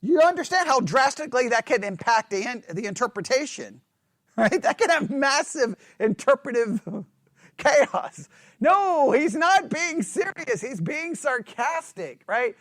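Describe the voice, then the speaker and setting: Male Bible study teacher with a high, animated voice and a dry close sound. He keeps checking in with his class and teases with self-mocking sarcasm. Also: measured pace, dry recording. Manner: animated, checks in constantly with "right?".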